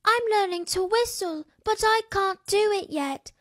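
A woman voicing a small, cheerful cartoon piglet girl in a squeaky, bouncy child voice. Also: a little slow, a bit bright, dry recording, studio quality.

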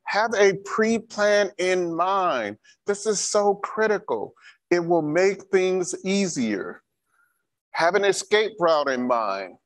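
Slow, emphatic male safety trainer. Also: fairly high pitch. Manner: emphatic, repeats key instructions. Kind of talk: training talk with a personal story.

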